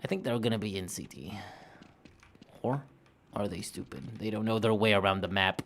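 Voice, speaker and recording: A man's voice: lowish voice, moderate pace, vocal fry, a bit bright, a little hiss or hum. A man giving casual, profane gameplay commentary with drawling, mumbled asides. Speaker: gaming youtuber.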